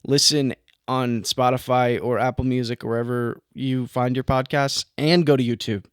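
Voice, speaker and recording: A man's voice: medium pitch, steady tone, normal speed, smooth, no room sound, studio quality. A young man co-hosting a podcast, joking around in casual chat. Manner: jokey, slips into a loud put-on frat-boy voice. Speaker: podcast co-host. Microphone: headphones and studio mic.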